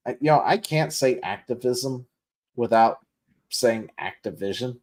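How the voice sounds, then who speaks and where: A man's voice: medium pitch, normal speed, darkish tone. A man hosting a casual podcast, reading news aloud and mocking it with sarcasm, laughter and swearing. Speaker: podcast host.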